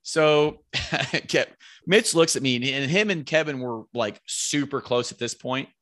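A man's voice: mid-range voice, measured pace, a bit bright, no echo, clean studio sound. A man, likely in his thirties, casually telling a rambling, profane hunting story and raising his voice to quote his friends.

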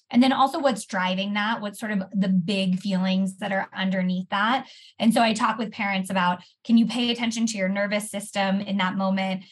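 A woman therapist in a podcast interview, walking through steps one by one with everyday examples. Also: mid-range voice. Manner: warm explanatory, walks through steps with examples. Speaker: therapist guest.

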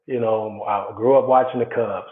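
A man's voice: lowish voice, normal speed. Chicago guy telling ballgame stories, tinny phone sound, kinda echoey. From South Side of Chicago. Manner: animated storyteller, acts out quotes. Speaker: former baseball player, guest. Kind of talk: storytelling interview answers.

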